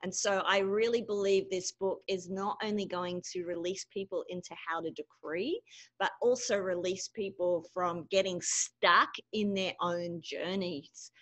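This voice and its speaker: A woman's voice: medium pitch, steady tone, unhurried. Earnest Australian woman guest. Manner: earnest, heartfelt, laughs easily. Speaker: guest author and speaker. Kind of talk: podcast interview.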